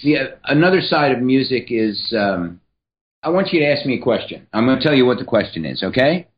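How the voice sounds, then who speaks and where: A man speaking as a podcast guest and writer, explaining ideas in a measured, teacherly way. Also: medium pitch, very animated, dull audio. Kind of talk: explanatory interview talk.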